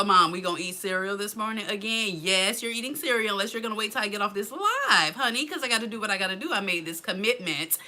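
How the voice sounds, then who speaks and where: A woman chatting on a live stream. Her voice is very bright and sharp, and she keeps calling out to viewers, saying "girl" and "y'all" in a friendly, casual way. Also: mid-range voice. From Florida. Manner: chatty, greets commenters by name, says "girl" and "y'all". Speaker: blogger hosting a live stream.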